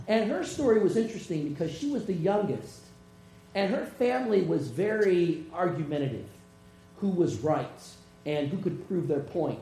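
Mellow-voiced male pastor, echoey room. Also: a little high. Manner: halting, repeats words, retells conversations. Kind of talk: sermon with personal stories. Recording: echoey room with mains hum.

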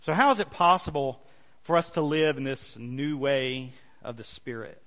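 A male pastor preaching a sermon, leading the congregation in call-and-response with emphatic, drawn-out phrases. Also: mid-range voice, fairly bright tone. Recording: long hall reverb.

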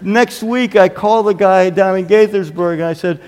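A man's voice: sits high, normal speed. A male pastor telling self-mocking stories in a sermon. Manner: self-deprecating, animated anecdotes. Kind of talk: humorous sermon storytelling. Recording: reverberant hall.

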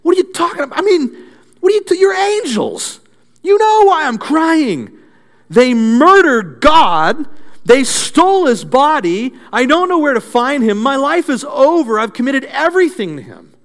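A male preacher voicing a distraught, indignant grieving woman in a high, pleading outburst. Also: big pitch swings, moderate pace, a bit bright, exaggerated voice. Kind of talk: sermon illustration.

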